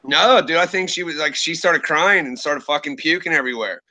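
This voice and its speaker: Bright-voiced man telling a heated story. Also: a little high, fairly quick. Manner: profane, animated storytelling, quotes himself heatedly. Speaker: streamer. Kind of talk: casual chat.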